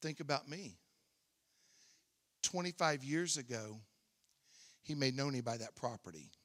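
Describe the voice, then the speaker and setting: A man's voice: medium pitch, lively intonation, unhurried, fairly bright tone. A man preaching a storytelling sermon in a conversational way, often repeating words as he starts a thought. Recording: echoey hall reverb.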